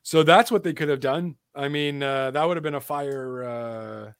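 A man's voice: mid-range voice, moderate pace, clear, resonant tone, dry recording, clean studio sound. A young man hosting a casual wrestling chat show, rambling with lots of fillers in an upbeat way. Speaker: podcast host.

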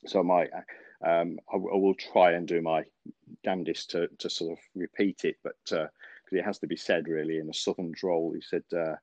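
Deep-voiced rambling podcast host. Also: male voice, level tone, normal speed, darkish tone, dry recording. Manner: rambling, many fillers and restarts, laughs often. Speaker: podcast host, golf coach. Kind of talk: casual podcast chat, storytelling. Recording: dry, dull lo-fi podcast audio.

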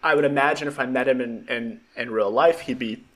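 A man's voice: mid-range voice, fairly quick, slight background noise. Blunt, foul-mouthed man hosting a chat. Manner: blunt, profane, jokingly harsh opinions. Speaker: podcast host. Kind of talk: casual chat.

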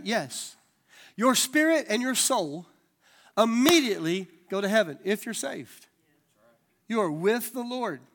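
Male preacher, high-pitched, lively and conversational from the pulpit. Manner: animated preaching with folksy asides. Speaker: pastor. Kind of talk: sermon.

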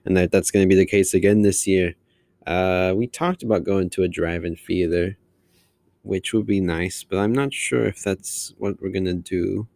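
A man's voice: low voice, steady tone, moderate pace, vocal fry, a little mellow, no room sound. A man hosting his podcast alone, talking casually in a long-winded, rambling way. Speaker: podcast host. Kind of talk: casual solo monologue.

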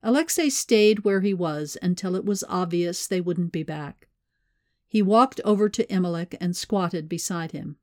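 A woman narrates a scripted audiobook in a measured, even storytelling manner. Her voice is on the low side, and the clean studio recording has no room sound.

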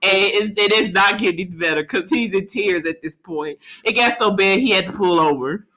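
A woman co-hosting a podcast, telling a story in a casual chat. She is animated and breaks into laughter easily. Her voice has a bright, forward edge. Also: mid-range voice, fairly quick. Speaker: podcast co-host.

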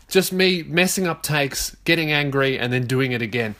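A man in his twenties with an Australian accent, hosting a casual solo podcast from his bedroom, swearing freely and ranting in loud bursts. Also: mid-range voice, moderate pace. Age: 20s. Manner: profane, ranting, loud outbursts. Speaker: podcast host.

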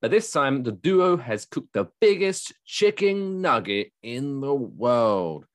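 Podcast co-host, male, lively jokey delivery, pitch swings a lot. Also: takes it slowly. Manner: jokey, animated, slips into silly voices. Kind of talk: casual chat.

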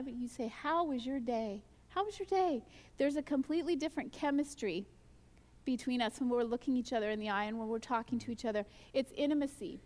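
A woman giving a personal testimony at a church gathering, telling stories earnestly and acting out her own prayers. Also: high-pitched. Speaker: guest speaker at a church gathering. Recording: long church hall reverb.

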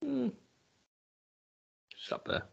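A laid-back man co-hosting a podcast in casual chat, with a dry, self-mocking humour. His voice sits at an everyday pitch. The audio is a little dull and lo-fi. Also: takes it slowly. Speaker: podcast co-host.

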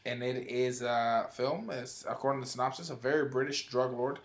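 A man's voice: medium pitch, steady tone, fairly quick. Man hosting a movie chat. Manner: leads segments, teasing. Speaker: host. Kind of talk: casual chat.

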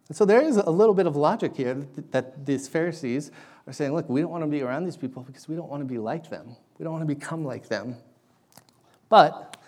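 A man preaching a sermon, telling a personal story in an animated, self-deprecating way. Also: mid-range voice. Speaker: pastor.

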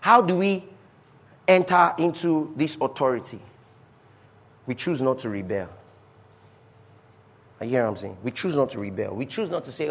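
A pastor preaches emphatically, repeating refrains and swinging between loud declarations and quiet asides. His mid-range voice has lively intonation, moving at normal speed with frequent pauses.

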